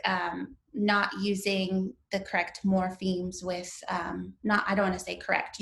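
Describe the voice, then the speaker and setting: A young woman teaches a recorded class in an easygoing, conversational way, with plenty of um and like. Her voice sits at an ordinary middle pitch. The room around her gives a noticeable echo. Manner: casual, lots of fillers like um and like. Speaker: instructor. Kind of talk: recorded online lecture.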